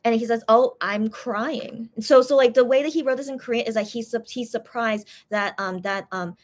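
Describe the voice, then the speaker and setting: A young woman chatting casually on a live stream, reading viewer comments and translating messages with frequent pauses and restarts. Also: fairly high pitch, steady tone. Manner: hesitant, many restarts while translating.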